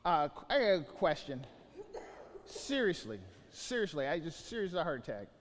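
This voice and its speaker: A high, lively male voice delivering a sermon, jumping between loud exclaims and hushed asides. The sound carries a long reverb from a big hall. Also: moderate pace. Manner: animated storytelling, swings from loud to quiet. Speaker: pastor.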